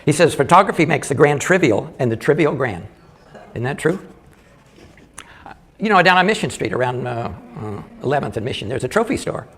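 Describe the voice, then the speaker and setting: An older man doing live stand-up comedy, telling jokes in a halting way with many restarts and small chuckles. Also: mid-range voice, expressive, a bit bright.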